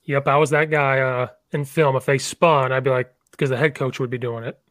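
A man hosting a casual sports podcast, telling lively stories and acting out exchanges between coaches and players. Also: medium pitch, a little fast, dry recording. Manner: animated storyteller, acts out coach and player exchanges.

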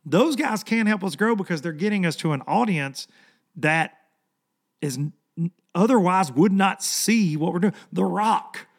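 A hoarse man talking casually on his fishing podcast, his voice a touch high for a man. He rambles, repeats himself for emphasis, and sounds worn from a week of talking. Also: expressive, measured pace. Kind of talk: casual chat.

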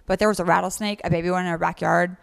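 A woman's voice: lowish voice, racing, creaky, clear, resonant tone. A woman, a mother, chatting casually as a guest, blunt and full of swearing. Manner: blunt, swears a lot, animated. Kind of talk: casual chat. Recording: light hall reverb.

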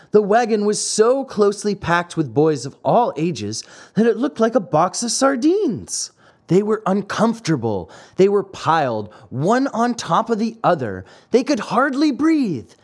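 A man narrating a classic fairy-tale audiobook with an expressive storytelling delivery. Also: sits high, measured pace.

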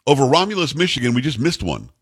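A man's voice: mid-range voice, huge pitch swings, fast, breathy edge, no echo. A man hosting a talk radio show in a studio, joking and teasing his co-host in casual, rambling banter.

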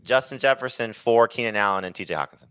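A low-voiced man hosts a podcast, reading out listener questions and calling on each panelist. His tone is bright and forceful. The sound is close and dry. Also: animated, quick pace, clean tone, no echo. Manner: reads listener questions, then asks panelists. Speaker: podcast host. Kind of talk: casual podcast hosting.

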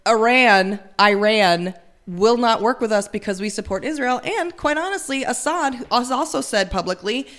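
A woman co-hosting a podcast, chatting about politics in an animated, opinionated way and laughing often. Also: on the high side, moderate pace. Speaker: podcast co-host. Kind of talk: casual political banter.

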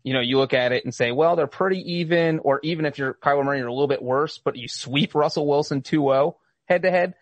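A man's voice: a little high, fast talker, few pauses, no echo, highs cut off. A man hosting a podcast, talking sports in a dry, matter-of-fact way and quizzing his co-hosts. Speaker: podcast host. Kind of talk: casual sports chat.

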